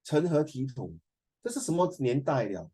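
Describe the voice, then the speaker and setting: A man's voice: medium pitch, big pitch swings, normal speed, dark tone, slightly rough. A man with a Singaporean accent teaching a class, chatty and full of fillers, quizzing his students as he goes. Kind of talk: classroom lecture.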